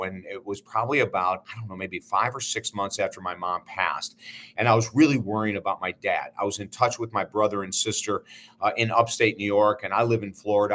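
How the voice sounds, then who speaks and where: A man's voice: on the low side, pushed and bright. A man hosting his own channel, telling a personal story in an earnest, heartfelt way. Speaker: life coach and channel host.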